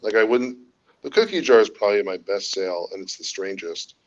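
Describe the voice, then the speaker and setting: A man with a fairly low voice answers questions on a casual live stream. He rambles, stops and starts, and corrects himself as he goes. The call audio is dull and lo-fi. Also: lively intonation. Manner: rambling, halting, self-correcting. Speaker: guest reseller.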